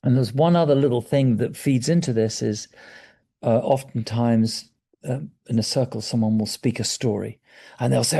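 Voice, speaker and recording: Gentle gravelly-voiced man in his sixties. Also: medium pitch, moderate pace. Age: 60s. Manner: gentle, meandering, drops to soft near-whispers. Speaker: guest speaker on breathwork. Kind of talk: reflective conversational talk.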